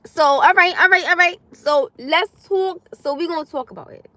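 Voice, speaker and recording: A woman's voice: very high-pitched, moderate pace, dry recording. Chatty swearing woman on a live stream. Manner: chatty, swears freely, answers chat comments, animated. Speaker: livestream host. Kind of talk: casual livestream chat with viewers.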